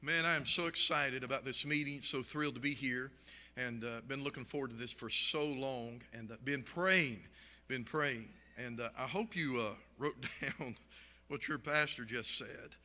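Fervent preacher man, bright forceful voice. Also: medium pitch, normal speed, long reverb tail. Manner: fervent, emphatic, frequent "and, uh". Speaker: guest preacher. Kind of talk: church meeting address. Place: church sanctuary.

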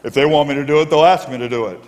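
Preacher doing a grumbling, put-upon church volunteer, slightly high voice, echoey hall. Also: male voice, rapid-fire, natural voice. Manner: whiny, grumbling complaints. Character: grumpy, complaining adult church volunteer.

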